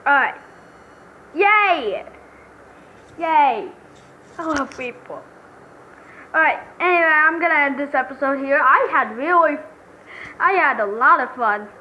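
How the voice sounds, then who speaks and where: A woman's voice: sits high, normal speed, pauses often, dull audio, slight background noise. A woman hosting a casual let's-play video, talking to viewers in a playful, giddy way. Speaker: gaming channel host.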